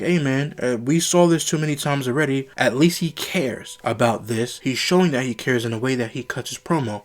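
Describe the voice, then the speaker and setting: A man hosting his own show, casually recapping a wrestling broadcast in a rambling style, retelling the dialogue and lifting his voice when excited. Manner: animated, rises in pitch when excited.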